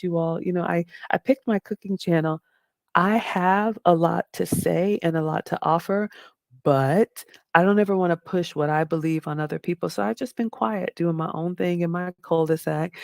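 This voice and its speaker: A middle-aged woman with a deep, raspy voice, chatting casually on a livestream and reading viewer comments aloud. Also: a little mellow, no room sound, studio quality. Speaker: livestream host reading chat.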